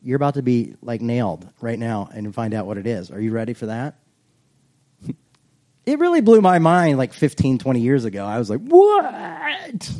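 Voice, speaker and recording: Mellow-voiced joking pastor, a man. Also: medium pitch, sing-song. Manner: chatty, self-joking, reads scripture slowly and deliberately. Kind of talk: casual humorous sermon.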